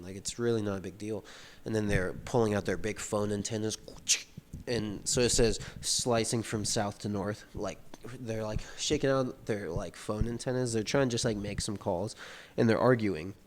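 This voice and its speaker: Man, slightly low voice, casual read-along commentary, reads passages then unpacks them loosely. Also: brisk, darkish tone. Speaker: book reader and commentator.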